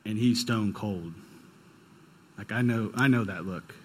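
A man's voice: lowish voice, a little slow, slight background noise. A young man preaching a sermon, telling a personal story in a casual, conversational way. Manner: conversational, storytelling with quoted dialogue. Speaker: pastor.

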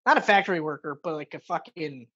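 A woman in a relaxed film chat, swearing freely and acting out lines from the movie. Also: low-pitched, fast talker, husky, lo-fi sound. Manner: casual, swears often, acts out movie lines. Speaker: podcast co-host. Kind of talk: casual movie review chat.

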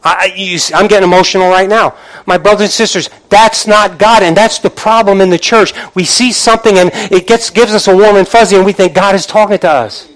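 An older man, a pastor, preaching a sermon to his congregation, moving from quiet reflection to fervent exhortation and calling out to the room. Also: sits high, a little fast. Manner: builds from quiet musing to impassioned preaching; calls out "Amen?" and "come on" to the congregation.

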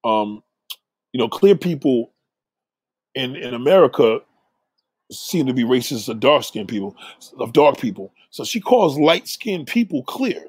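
A man's voice: mid-range voice, very animated, measured pace, long pauses, breathy edge, no echo. A man talking straight into the camera, blunt and profane, rambling as he gives advice. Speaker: vlogger giving advice. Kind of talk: casual monologue.

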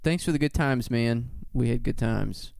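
A man's voice: mid-range voice, normal speed, vocal fry, a little mellow, no echo, clean studio sound. A man hosting a podcast, talking loosely and rambling, laughing often. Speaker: podcast host. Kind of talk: casual podcast chat.

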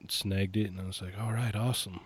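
A man's voice: lowish voice, fairly even intonation, brisk, slightly rough, no room sound. A man co-hosting a casual podcast, telling stories in a laid-back way with frequent laughs. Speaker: podcast co-host. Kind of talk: casual chat about toy collecting.

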